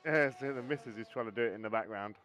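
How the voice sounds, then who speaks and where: A man's voice: medium pitch, fast, over music. A man streaming a co-op racing game, chatting casually, joking and swearing freely as he tells stories between laps. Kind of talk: casual gaming banter.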